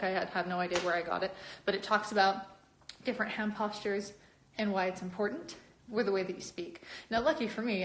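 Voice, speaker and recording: A young adult woman chatting casually on a live stream, talking with viewers in an animated, lively way. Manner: chatty and animated, with many upward pitch jumps. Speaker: cosplayer hosting a live stream.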